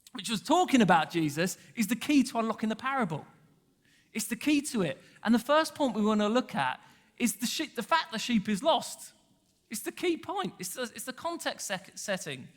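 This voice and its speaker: A man preaches with a high, light voice that rings through a reverberant church hall. His delivery is chatty and playful, breaking into laughter and little sung snippets. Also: a bit bright. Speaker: pastor. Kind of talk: sermon.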